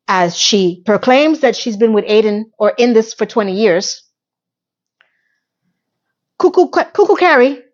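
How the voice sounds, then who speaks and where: A woman vents to her viewers about a TV episode in a sarcastic, exasperated rant. Her voice sits a bit high and sounds a little hoarse. The recording is dull and lo-fi. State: losing her voice. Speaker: TV recap vlogger. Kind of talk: animated ranting recap.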